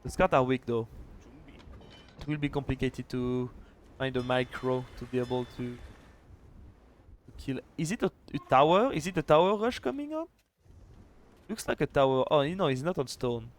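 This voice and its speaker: A man casting a live strategy game match, chatty and excitable, with quick restarts. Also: medium pitch, slight background noise. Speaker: esports caster and streamer. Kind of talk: live video game commentary.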